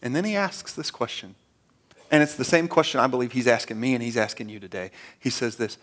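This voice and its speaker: A man's voice: mid-range voice, a little fast, fairly bright tone. A male pastor giving an earnest, conversational sermon, often stammering and repeating his words.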